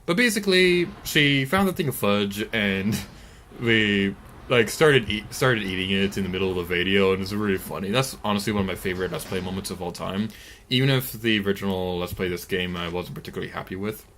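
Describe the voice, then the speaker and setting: A young man talking through a video game as he plays, chatty and excitable, laughing often. His voice sits fairly low but has a bright, forward edge to it. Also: brisk, a little hiss or hum. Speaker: let's play host. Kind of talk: gameplay commentary.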